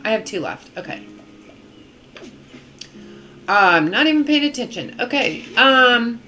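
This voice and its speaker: A woman's voice: on the low side, bright, forceful tone, slight background noise. A middle-aged woman chatting casually on a live game stream, rambling along with many ums and restarts.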